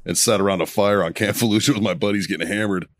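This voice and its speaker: A man's voice: fairly low pitch, fairly even intonation, quick pace, no room sound. A man hosting a casual podcast, telling war stories with plenty of swearing and laughter. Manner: profane, storytelling, laughs often. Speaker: podcast host. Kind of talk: casual chat.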